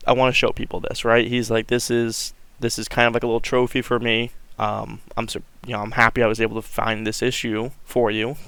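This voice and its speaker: A man tells a long story in a casual, rambling way, stopping for fillers and restarts and acting out quoted lines. His voice is gravelly yet smooth. The recording is dry, with no room sound. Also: medium pitch, fairly bright tone, dry recording. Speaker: vlogger telling a story.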